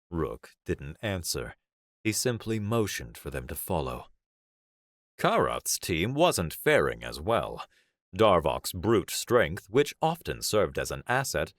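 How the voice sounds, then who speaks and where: A man narrates a science fiction story in a measured, dramatic way. His voice is very deep and his intonation moves a lot, at an unhurried pace. The read is dry and close to the mic. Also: no echo. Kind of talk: audiobook sci-fi narration.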